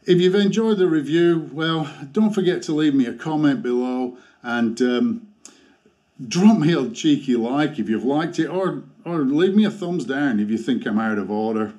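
A man's voice: a little high, lively intonation, warm tone. Exasperated man ranting a review. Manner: exasperated ranting, halting restarts. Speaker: motorcycle gear reviewer. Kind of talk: product review vlog.

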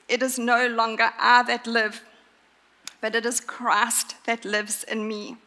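A woman preaching a sermon in an earnest, emphatic way, pausing to stress her points. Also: a little high, pushed and bright. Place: church. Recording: long church reverb.

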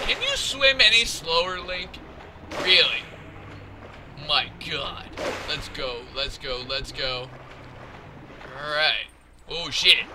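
A man giving jokey let's play commentary over a video game, bursting into loud shouts now and then. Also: on the high side. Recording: game music behind the voice. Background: video game music.

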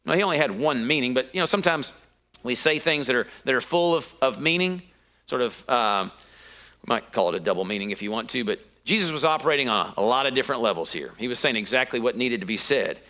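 A man preaching a sermon, telling the story in an animated way with sudden high exclamations. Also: fast talker.

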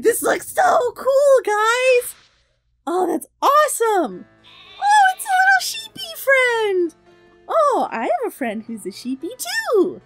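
A woman's voice: very high-pitched, a bit bright, heavily acted. A woman voicing a cheerful little mouse girl hosting a kids' game let's play, gushing and gasping with delight. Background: game music.

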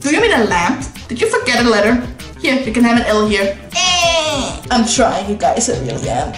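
A woman's voice: on the high side, very animated, a little fast. A woman doing let's play commentary, reading game text aloud, giggly and swearing in disbelief. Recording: echoey room with music behind.

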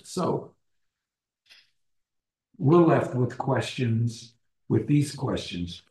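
A man leads a small-group Bible study at an unhurried pace, circling back over his phrases and putting questions to the group. His tone is mellow and low-lit, and the room around him gives off a noticeable echo. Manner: deliberate, restating phrases and posing questions to the group. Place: church meeting room. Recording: roomy echo.

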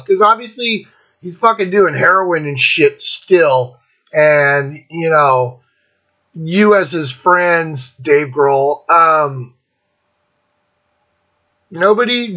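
A man's voice: high voice, a little slow, sharp tone, highs cut off. A man in his fifties hosting a casual rant, blunt and profane, rambling between thoughts. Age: 50s. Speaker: host.

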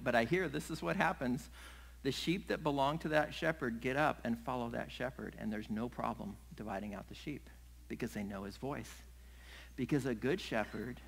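A middle-aged man, a pastor, preaching a sermon in an animated way, acting out little scenes and laughing along the way. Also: medium pitch, vocal fry, rough recording.

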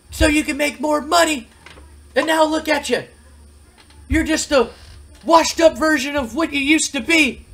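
A shrill wrestling manager hurls mocking threats in a strained, very high voice that keeps pushing loud. He never lets up, sneering and ranting from line to line. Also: full character voice.

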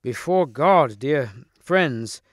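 A man's voice: a little high, expressive, extremely slow, no echo, clean studio sound. A man reading aloud, voicing a king who speaks formally and with command. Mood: awed. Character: stately male king, commanding.

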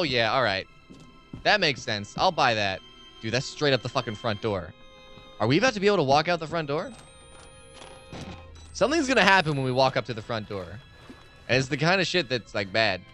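A man's voice: on the high side, a bit bright. Profane, rambling male game streamer. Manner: rambling, profane, chatting with viewers. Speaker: gaming live streamer. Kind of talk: casual live-stream game commentary.

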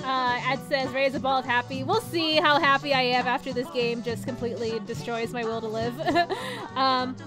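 Giggly high-voiced woman streaming a game. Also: normal speed. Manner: giggly and chatty, reads chat and story text aloud. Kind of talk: casual live-stream chat while gaming. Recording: game music behind the voice.

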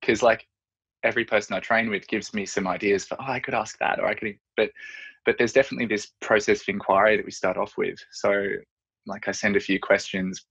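A man's voice: fairly low pitch, flat delivery, brisk, creaky, a bit bright, breathy edge. A man speaking as a coach and podcast guest in casual, reflective chat, searching for his words. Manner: reflective, searching, many fillers. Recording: dull lo-fi audio.

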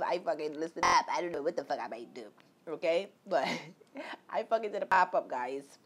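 A woman's voice: deep voice, lively intonation, moderate pace. A woman telling a personal story straight to her viewers, loose, emphatic and heavy on swearing. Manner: loose, profane, emphatic, addresses viewers directly. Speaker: vlogger.

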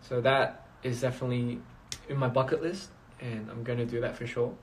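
A man's voice: medium pitch, little pitch movement, brisk, slight background noise. A man chatting casually on a phone livestream, rambling and reading out viewer comments. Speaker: livestream host.

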